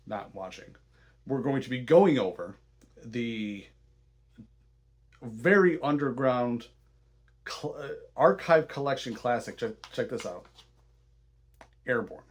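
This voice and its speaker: A man casually recapping a film as host, clearly excited by what he describes. He often trips over his words and restarts sentences. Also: medium pitch. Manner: enthusiastic, halting with frequent restarts. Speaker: podcast host.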